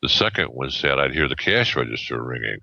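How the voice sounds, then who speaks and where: A man in his seventies, a podcast guest, telling a story in a rambling, halting way with many restarts and fillers, on a dull lo-fi recording. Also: a bass voice, very animated, creaky, bright, forceful tone, no room sound. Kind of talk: casual storytelling. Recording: dull lo-fi sound.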